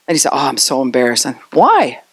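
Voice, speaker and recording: A woman's voice: rumbling low, huge pitch swings, fast, gravelly, slightly rough, dry recording, clean studio sound. A woman pastor giving a conversational sermon, often acting out the voices of the people and children she quotes.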